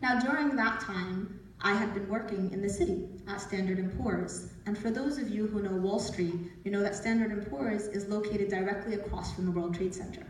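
A woman's voice: mid-range voice, moderate pace, hardly any pauses, a little hiss or hum. Woman telling a story in a hall. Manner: lively, acts out quoted voices, laughs often. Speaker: author giving a talk. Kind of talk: storytelling talk. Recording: echoey hall, speaker from far off.

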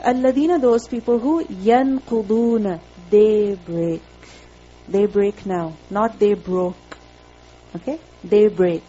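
A woman's voice: on the high side, dark tone, husky, muffled recording. A woman teaching a classroom grammar lesson, patient and reassuring, checking in with her students with a frequent "okay?".

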